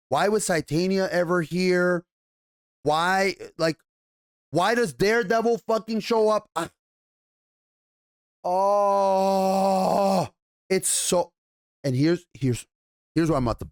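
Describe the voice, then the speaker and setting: Fed-up reviewer cussing up a storm, mid pitch, dry close sound. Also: no echo. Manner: exasperated, swearing heavily, repeating points. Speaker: TV show reviewer. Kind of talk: angry rant review.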